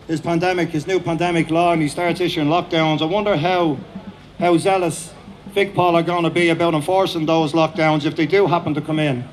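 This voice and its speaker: Irish man, rally speech in a park, fast and repetitive, faint background noise. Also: on the high side. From Ireland. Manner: fast-talking, repetitive, rousing. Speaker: speaker at a rally. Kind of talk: impassioned outdoor rally speech.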